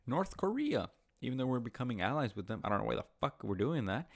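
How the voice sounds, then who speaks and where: Male host, gravelly voice, mid pitch, heated profane monologue, repeats himself. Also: sing-song, a little fast. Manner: heated, swearing, repetitive. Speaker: host of his own online show.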